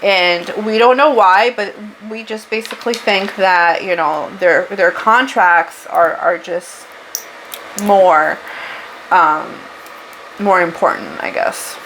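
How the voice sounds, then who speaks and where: A woman's voice: fairly low pitch, takes it slowly, a bit bright, a little hiss or hum, rough recording. A woman from Portugal with a Portuguese accent, giving a casual, rambling spiritual card reading that drifts into chat and corrects itself as she goes. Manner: chatty, rambling, self-correcting. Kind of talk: casual tarot reading monologue.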